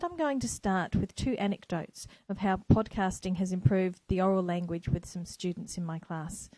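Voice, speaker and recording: Enthusiastic teacher woman, mellow dry voice. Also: medium pitch, dry recording, poor audio. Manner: earnest, enthusiastic. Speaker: teacher and podcaster. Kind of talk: solo educational podcast. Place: home, by a window. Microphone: microphone.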